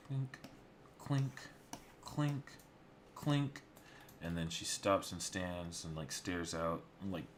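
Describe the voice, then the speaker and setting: A man's voice: sits low, slight background noise. A man casually talking through story beats of a storyboard on a livestream, rambling with many fillers. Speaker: storyboard artist.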